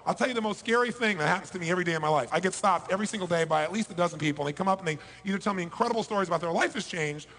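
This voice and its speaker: A man delivers a motivational seminar speech, his voice sitting high for a man. He is emphatic, driving some points loud and dropping others to a hush. His voice rings with the long reverb of a large hall. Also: racing, hardly any pauses. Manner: emphatic, swings between loud bursts and hushed lows. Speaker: motivational speaker. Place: large hall before a live audience.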